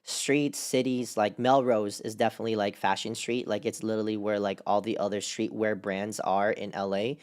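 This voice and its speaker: A man co-hosting a casual podcast chat, talking in an animated, rambling way with lots of fillers. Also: lowish voice, moderate pace, few pauses, clean tone. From California. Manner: animated, rambling with many fillers and quoted put-on voices. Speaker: podcast co-host.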